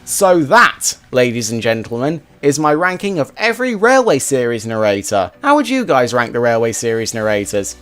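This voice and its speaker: A man's voice: mid-range voice, very animated, moderate pace, hardly any pauses, fairly bright tone, faint music behind. A man hosting a scripted commentary video, chatty and enthusiastic. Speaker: video host.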